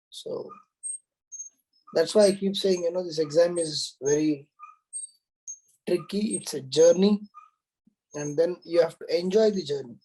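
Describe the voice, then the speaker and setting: A man's voice: on the high side, warm tone, poor audio. A man, teaching an online exam coaching class. He reads out the question, explains it and asks the students to confirm.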